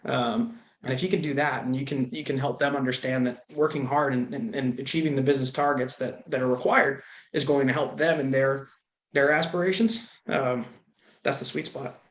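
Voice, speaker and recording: A man's voice: mid-range voice, fairly even intonation, normal speed. A man on a webinar panel, a sales leader speaking casually with many fillers over a video call.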